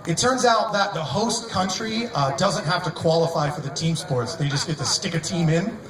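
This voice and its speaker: A man doing a live stand-up set on an outdoor stage, wry and deadpan, sometimes laughing at his own jokes. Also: on the high side. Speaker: stand-up comedian. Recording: echoey, distant mic, noisy outdoor crowd. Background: outdoor crowd ambience.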